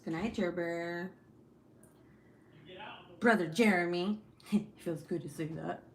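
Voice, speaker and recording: A woman's voice: on the low side, slow pace. A young woman hosting a casual home livestream, chatting bluntly with viewers and swearing freely. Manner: blunt, profane and talkative. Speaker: livestream host. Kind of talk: casual chat with live viewers. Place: home, at night. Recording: echoey room with faint background noise.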